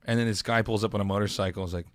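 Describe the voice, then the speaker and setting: A man from the United States hosting a podcast, chatting in a relaxed, laid-back way and often trailing off mid-sentence. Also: on the low side, rapid-fire, dry recording, clean studio sound. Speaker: podcast host. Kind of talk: casual podcast chat.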